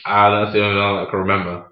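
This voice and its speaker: A man's voice: fairly low pitch, fairly quick. A young man chatting on a podcast, animatedly acting out his stories with laughing asides. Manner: animated storyteller, acts out scenes with laughing asides. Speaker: podcast co-host. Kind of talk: casual chat. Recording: roomy, dull lo-fi home recording.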